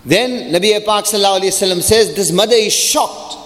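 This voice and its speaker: A male preacher delivering an emphatic, rhetorical sermon, rapidly reciting Arabic verses between English explanations. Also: high-pitched, a bit bright. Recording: long hall reverb.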